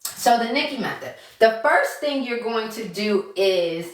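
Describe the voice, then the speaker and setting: A woman's voice: fairly high pitch, lively intonation, unhurried, echoey room, a little hiss or hum. A woman giving a casual self-help lesson to her followers as a mindset coach. She repeats each step and checks in with "okay?" and "right?" after nearly every point. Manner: repeats key steps, acts out inner thoughts. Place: room at home.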